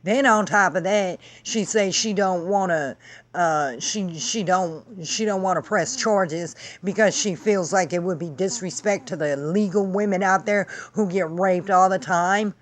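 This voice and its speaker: A woman's voice: lowish voice, unhurried. A woman vlogging to camera in a heated, sarcastic and profane rant. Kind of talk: angry vlog rant.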